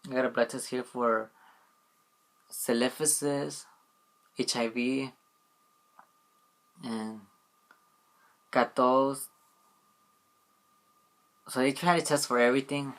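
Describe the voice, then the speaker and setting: A man's voice: mid-range voice, steady tone, slow pace, long pauses, a bit bright. A young man talks straight to the camera in a loose, rambling way. He keeps circling back on himself with "like" and "you know what I mean". His voice sits in an ordinary middle range. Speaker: vlogger. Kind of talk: casual storytelling vlog.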